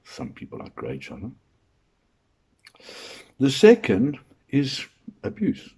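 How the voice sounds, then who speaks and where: Husky, animated male comedian. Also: mid-range voice, slow. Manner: rambling, crude, rhetorical questions. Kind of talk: stand-up monologue.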